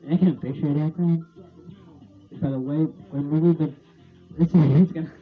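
A man's voice: fairly high pitch, steady tone, normal speed. A young man in a casual rant, rambling and repeating himself, often laughing and swearing as he talks. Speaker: vlogger. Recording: tinny phone-like sound with faint music.

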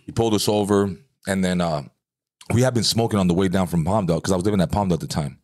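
A comedian sitting in as a podcast guest, telling a story in a laid-back manner heavy with profane street slang. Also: male voice, sits low, rapid-fire, a little mellow, dry recording, studio quality. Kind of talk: casual storytelling.

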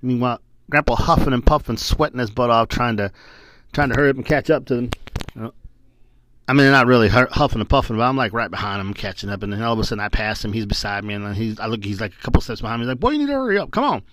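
A man in his forties telling a funny family story in a casual, animated way, often breaking into laughter, while recording on a bedroom floor. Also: medium pitch, quick pace, a little hiss or hum. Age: 40s. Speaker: vlogger. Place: lying on a bedroom floor indoors.

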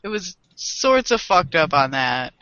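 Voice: mid-range voice, sing-song, a little slow, sharp tone, dry recording. A podcast co-host in casual, joking chat, laughing often, heard over an online call. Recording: dull lo-fi call audio.

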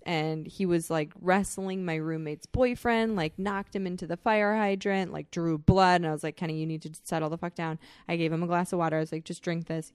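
A young woman spins a rowdy story for her podcast, swearing freely and breaking into laughter. Her voice sits a little low. The sound is dry and close, with no room around it. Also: smooth, no echo. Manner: profane, animated storyteller, laughs often. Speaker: podcast co-host. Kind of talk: casual chat, storytelling.

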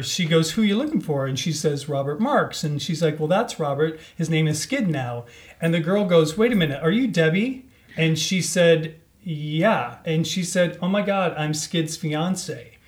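A man telling a personal story in a relaxed podcast conversation, acting out the voices of the people in it. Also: on the high side. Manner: animated, acts out quoted voices. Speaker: podcast guest. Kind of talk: casual storytelling.

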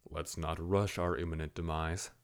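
A man's voice: extremely low pitch, flat delivery, moderate pace. A man voicing a cold, commanding warrior captain who speaks with mocking menace.

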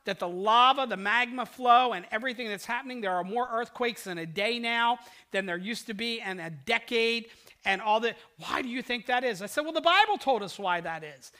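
An older man, a pastor, preaching a sermon and telling stories, swinging between loud outbursts and hushed, quiet passages. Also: very high-pitched, animated, brisk.

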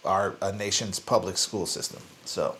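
A man's voice: sits low, moderate pace, a bit bright, slight background noise. A man co-hosting a podcast, chatting casually in a thoughtful, hedging way with lots of fillers. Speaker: podcast co-host.

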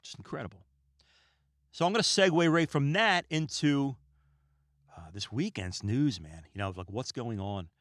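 A man hosting a podcast, talking in a calm, relaxed, rambling way and often stumbling over his words, recorded in a small room lined with books. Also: medium pitch, moderate pace, no room sound, clean studio sound. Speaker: podcast host. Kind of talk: casual podcast monologue.

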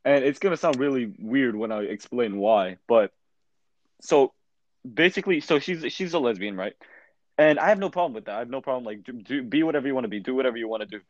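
A teenage student in casual chat who talks bluntly and profanely, stumbling through restarts. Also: male voice, mid-range voice, fast talker, no echo. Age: teens. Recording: slightly dull lo-fi sound.

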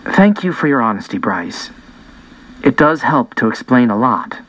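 A man voicing a soft-spoken caring mother. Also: mid-range voice, big pitch swings, normal speed, husky, no room sound. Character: gentle, caring middle-aged mother. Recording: dull, dry lo-fi recording.

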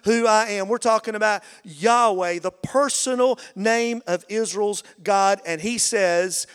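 A man preaching a sermon as pastor, energetic and rousing the congregation to call back. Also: high-pitched, a little slow, hardly any pauses, clear, resonant tone. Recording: long reverb of a large hall.

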